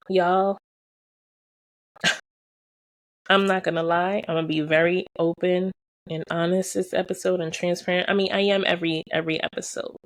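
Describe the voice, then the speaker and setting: Woman vlogger, gravelly fry, dry close sound, emphatic and direct with viewers. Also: lowish voice, no echo. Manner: emphatic, repeats phrases for stress; slangy and direct, addresses viewers. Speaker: vlogger and fashion brand founder. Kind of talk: candid personal vlog storytelling.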